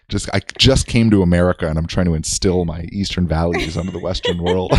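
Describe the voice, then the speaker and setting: A man's voice: low-pitched, steady tone, normal speed, darkish tone, no room sound, studio quality. A man co-hosting a casual live-stream conversation, talking bluntly and emphatically, with frequent swearing and self-mocking asides. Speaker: podcast co-host.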